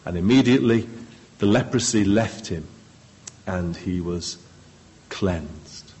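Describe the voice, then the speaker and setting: A man preaching a sermon, expressive, with dramatic pauses and key words trailing off low. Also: slight background noise, rough recording.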